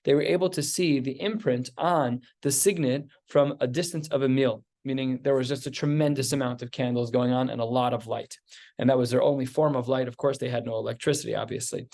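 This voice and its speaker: Gravelly-voiced rabbi teaching Talmud. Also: male voice, mid-range voice, steady tone, a little fast, a little mellow. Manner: reads Aramaic then translates, conversational. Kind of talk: Talmud lesson.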